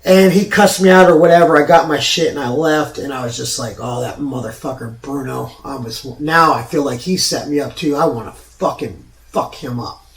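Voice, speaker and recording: Host, man in his forties, swearing storyteller, slightly high voice, recorded at a distance. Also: moderate pace, hardly any pauses. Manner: profane, rambling, frequent restarts. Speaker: show host. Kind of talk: personal storytelling. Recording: roomy sound from off mic.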